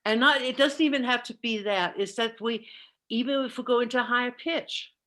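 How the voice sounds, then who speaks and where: A woman's voice: fairly high pitch, a little fast, sharp tone. Earnest woman trainer, repeating herself. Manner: earnest, self-correcting, repeats words. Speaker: caregiving trainer. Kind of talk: presentation with discussion.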